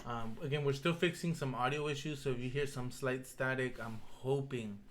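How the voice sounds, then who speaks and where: A man's voice: mid-range voice, fairly even intonation, moderate pace, slight background noise. A man hosting a casual podcast with friends, talking loosely with lots of "like" and easy laughter. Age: adult with kids. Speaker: podcast host. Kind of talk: casual chat among friends.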